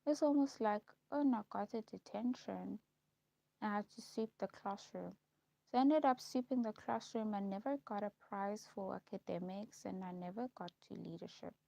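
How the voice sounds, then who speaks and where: A young woman telling her life story in a casual vlog, repeating herself and pausing with ums as she lists memories. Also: medium pitch, gravelly, warm tone, no echo. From South Africa. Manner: repetitive, listing recollections with frequent ums. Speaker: vlogger. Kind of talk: personal storytelling. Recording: dull lo-fi recording.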